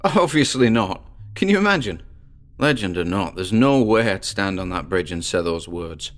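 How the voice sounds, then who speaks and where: A man's voice: low voice, lively intonation, normal speed. A man playing a boastful teenage boy who tells a ghost story and builds suspense. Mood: smug.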